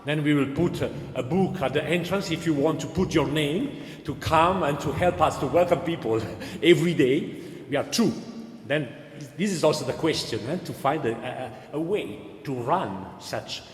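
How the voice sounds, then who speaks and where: A man hosts a panel and speaks earnestly, repeating key phrases in non-native phrasing. His voice sits a bit higher than most men's. It rings through a large church with long reverb. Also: moderate pace, slight background noise. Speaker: Dominican cultural center host. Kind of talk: panel moderation.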